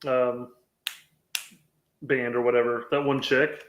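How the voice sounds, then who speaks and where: A man co-hosting a casual sports podcast, joking and halting, often exasperated. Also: medium pitch, level tone, muffled recording. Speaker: podcast co-host. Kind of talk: casual soccer podcast chat. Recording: roomy echo.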